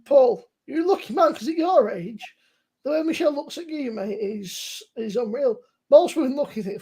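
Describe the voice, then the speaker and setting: A man's voice: very high-pitched, lively intonation, normal speed, vocal fry, dark tone, breathy edge. A man, a guest on a casual live chat, teasing and sweary.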